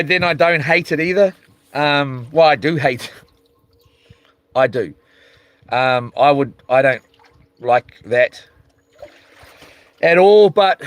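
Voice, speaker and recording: A man's voice: a little high, fairly bright tone, no echo. A man hosting a casual live stream outdoors by the sea at night, rambling and hesitant with many ums. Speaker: channel host live-streaming.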